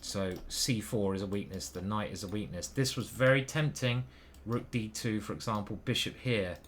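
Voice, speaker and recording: A chess grandmaster commentates his own online game, thinking aloud in a lowish, slightly bright voice at normal speed. He mutters each move and questions himself hesitantly, with a little background noise in the recording.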